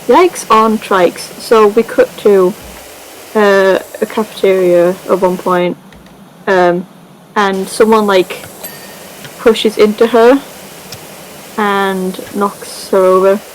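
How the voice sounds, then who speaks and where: A woman chatting casually as she recaps a story over gameplay, rambling and full of fillers and little giggles. Her voice sits at a medium pitch for a woman. A faint hiss runs underneath. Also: fairly even intonation, takes it slowly, pauses often, rough recording. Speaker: gaming video creator.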